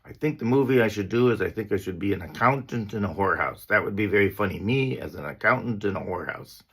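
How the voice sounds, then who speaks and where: A man's voice: lowish voice, animated, fast, fairly bright tone, slightly rough, exaggerated voice. A man putting on the voice of a brash, boastful older stand-up comedian with a punchy, self-assured delivery. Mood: insistent.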